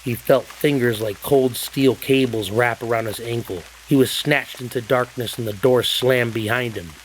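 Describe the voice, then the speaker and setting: A man reading a horror story aloud in a measured, ominous way. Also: medium pitch, a little hiss or hum, low-quality recording. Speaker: narrator. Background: backing music.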